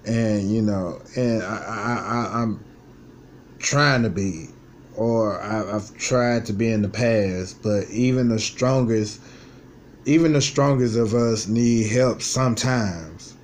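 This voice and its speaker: A man in his twenties with a fairly low voice talks straight into his vlog. He is frustrated and vents bluntly, with a lot of swearing. A faint hiss sits behind him. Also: takes it slowly, a little mellow. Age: 20s. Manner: blunt, profane, frustrated venting. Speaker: vlogger. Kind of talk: personal vlog monologue.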